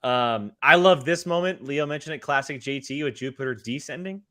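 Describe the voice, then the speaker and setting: A man's voice: medium pitch, a little fast, bright, forceful tone. A man co-hosting a podcast in casual chat, rambling through his points. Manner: rambling with fillers and restarts. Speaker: podcast co-host.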